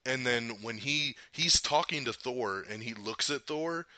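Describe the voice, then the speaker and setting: A man hosting a casual movie review podcast, talking in an excited, rambling way and laughing often. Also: medium pitch, a little slow, no echo. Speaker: podcast host.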